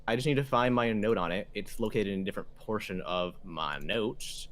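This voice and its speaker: A man's voice: on the low side, brisk, a bit bright. A man narrating as game master of a tabletop game, rambling and hesitant, with many fillers.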